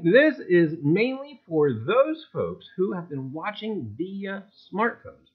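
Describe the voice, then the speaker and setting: A man hosting a casual livestream, greeting viewers one by one with exuberant shouts and leaning on catchphrases like "gang" and "I tell you.". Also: wildly swooping pitch, a little slow, few pauses, husky, dull audio. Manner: exuberant, greets chatters one by one with sudden loud jumps in pitch. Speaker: livestream host.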